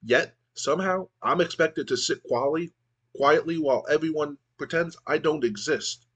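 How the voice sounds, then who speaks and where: A man's voice: fairly high pitch, moderate pace, fairly bright tone, husky, voice pushed up. A man reading the lines of a bitter, brooding veteran male wrestler in a resentful, self-pitying monologue, raised above his own voice.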